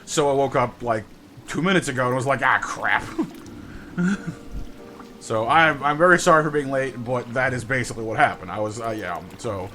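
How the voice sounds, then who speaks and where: A man's voice: medium pitch, a little fast, bright, forceful tone, slight background noise. A man streaming a game live, telling a rambling story and greeting his chat with lots of stammered restarts. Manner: chatty storyteller, repeats words when starting sentences.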